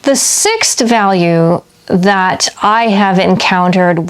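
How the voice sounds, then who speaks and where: A woman talking slowly and unhurriedly as she retells old fairy tales. Her tone is casual and chatty, and light laughs break up her sentences. Her pitch sits in an ordinary middle range. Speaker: video host. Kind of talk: casual storytelling vlog.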